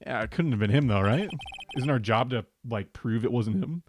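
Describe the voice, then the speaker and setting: Casual man streamer, jokey slangy commentary, lively pitch. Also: moderate pace, a little hiss or hum. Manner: joking, slangy, laughing.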